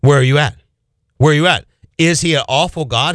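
Fast, fervent radio preacher man. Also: on the high side, sing-song, fairly bright tone, no echo. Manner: fervent, rapid-fire rhetorical questions. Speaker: radio talk show host. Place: radio studio.

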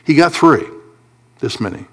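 A middle-aged male pastor delivering a sermon, repeating phrases for emphasis and building to loud, high-pitched peaks. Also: expressive, a little slow.

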